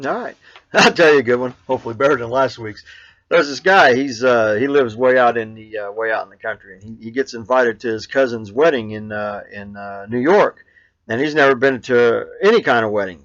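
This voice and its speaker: A man's voice: mid-range voice, fairly quick, no echo. Rambling man vlogger, dull dry sound. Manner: rambling, many fillers and restarts; gets loud and upbeat in the sign-off. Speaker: RV traveler and show host. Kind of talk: casual vlog chat.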